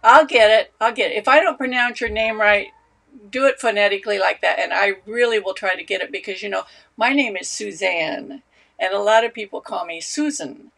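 A woman's voice: mid-range voice, fairly quick, creaky. A woman hosting a knitting live stream, chatting casually and greeting viewers by name. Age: older. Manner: warm, chatty, reads out viewer names.

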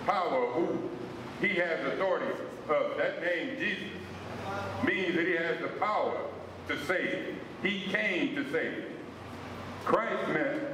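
A man's voice: on the high side, background noise. A man preaching a sermon to a congregation, emphatic and repetitive, often asking them to answer back. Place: church sanctuary. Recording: long reverb of a large hall.

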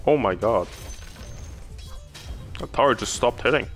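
A man's voice: mid-range voice, animated, measured pace, a bit bright, soft background music. A young man streaming a video game, chatting casually and rambling about his day while swearing freely. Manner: profane, rambling, laid-back. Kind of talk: casual gaming commentary.

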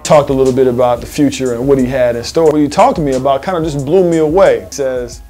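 A man hosting a basketball advice channel, telling stories in a lively, slangy, casual way. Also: medium pitch, fast talker, soft background music. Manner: animated storyteller with slang.

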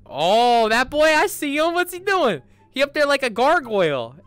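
A man doing goofy, excited commentary while playing a VR game, with loud outbursts. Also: extremely high pitch, normal speed, dry recording, faint music behind. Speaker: gaming YouTuber.

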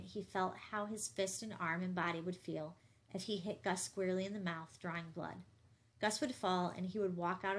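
A woman narrating a novel as an audiobook, measured and intense. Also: lowish voice.

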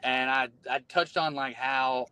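Brief: Southern US man, comic co-host, blunt and wry, average pitch. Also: fairly even intonation, a little slow, sharp tone, smooth, no echo. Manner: wry, blunt, repeats himself. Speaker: podcast co-host, comedian. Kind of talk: casual chat.

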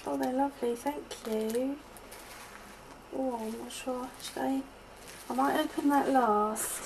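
A middle-aged woman gushing softly as she opens a parcel at home, with lots of delighted exclamations. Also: high voice, takes it slowly, background noise. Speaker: vlogger opening happy mail. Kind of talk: unboxing chat. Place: at home in a conservatory.

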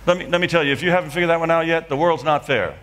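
A man's voice: fairly high pitch, rapid-fire, fairly bright tone, in a large hall. A man preaching a dramatic testimony in church, acting out scenes from his story. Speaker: guest preacher. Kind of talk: sermon testimony.

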